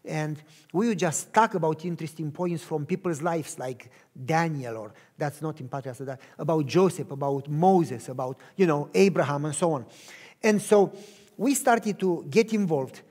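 A man preaches a sermon and tells his own story with earnest conviction. He speaks in short, measured phrases. His voice sits high for a man. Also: animated, darkish tone. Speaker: pastor. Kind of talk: sermon testimony.

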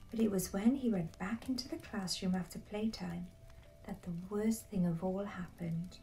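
A woman narrating a bedtime story in a soft, hushed, slow whisper. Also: mid-range voice, recorded from a distance, low-quality recording.

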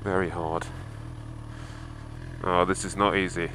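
A man with a lowish voice talks to his helmet camera as he rides through wet snow. He swears and grumbles in an exasperated running commentary, with faint road noise under his voice. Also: little pitch movement, slow pace. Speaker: motorcycle vlogger. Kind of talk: casual video diary. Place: on a motorbike in snow, outdoors.

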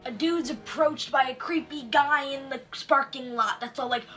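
A young woman delivers a sarcastic, animated comedic review full of mock outrage. Her voice is high and bright. Faint music plays underneath. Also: moderate pace. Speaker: book reviewer. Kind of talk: comedic commentary.

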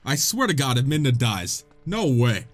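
An excitable young man narrates his game with jokes, swearing and frequent laughter. His pitch swings widely from low grumbles to high squeals. Faint game music plays underneath. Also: normal speed. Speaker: gaming video host. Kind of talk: let's play commentary.

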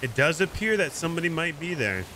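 A man streaming a pirate game, chatting casually and coaching another player with jokey excitement. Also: a little high, fast talker, a little hiss or hum, poor audio. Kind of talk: casual gameplay chat.

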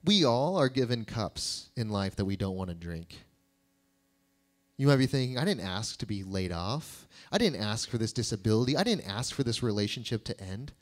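A young man delivers a sermon as a pastor. He talks in a loose, conversational way, tossing in jokes and asides. His voice sits at an everyday middle pitch. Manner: casual and conversational, joking with the congregation.

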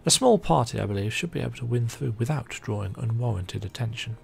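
A man's voice: medium pitch, expressive, fast, gravelly. A man reading the formal lines of an earnest young scholar laying out a battle plan in a game. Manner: formal read-out game dialogue.

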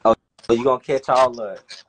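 A man's voice: medium pitch, fairly even intonation, fairly quick, slight background noise, rough recording. A man co-hosting a casual chat show, joking and laughing often. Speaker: host.

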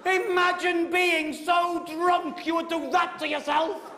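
An English man doing stand-up, telling a story in an exasperated, sweary way that bursts into shouting. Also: very high-pitched, flat delivery, takes it slowly, slight background noise. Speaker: stand-up comedian. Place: comedy stage before a live audience. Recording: echoey live venue with loud audience. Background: audience laughter.

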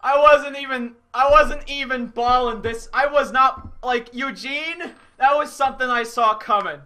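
Young streamer sobbing with joy, high voice. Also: unhurried, sharp tone. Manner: overwhelmed, sobbing and laughing, apologetic. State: crying; phlegmy voice. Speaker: game streamer. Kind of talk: live stream commentary.

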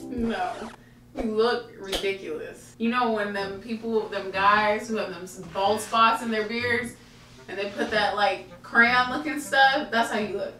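A woman's voice: mid-range voice, fairly even intonation, a little slow, bright, forceful tone, distant mic. A young woman reacting to her friend's prank with teasing, disbelieving questions. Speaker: co-host, prank target. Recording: echoey room, off-mic, faint music.

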